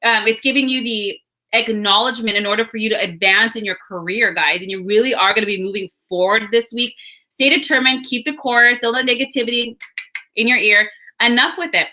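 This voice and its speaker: Bright, upbeat woman reading horoscopes. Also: fairly high pitch, fairly quick. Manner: upbeat, chatty, addresses viewers directly. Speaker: astrology and card reader. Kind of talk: casual weekly horoscope reading.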